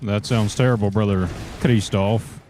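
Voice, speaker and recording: Young Southern man, low voice, loose folksy live-stream game commentary. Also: steady tone, unhurried, warm tone, slight background noise. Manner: folksy, calls viewers brother. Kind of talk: casual live gaming commentary.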